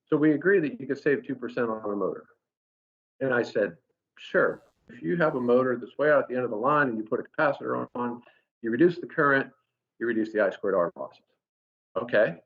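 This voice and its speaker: A male engineer telling an animated anecdote in a casual recorded talk, with frequent restarts. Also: mid-range voice. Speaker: engineer at a company experience center. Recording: dull lo-fi sound.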